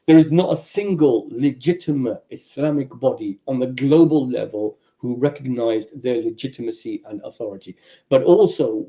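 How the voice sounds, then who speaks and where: A man with a London accent explaining at length on a podcast, acting out quoted people in raised, animated voices. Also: on the high side, muffled recording. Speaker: guest speaker. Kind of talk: podcast discussion, lecturing.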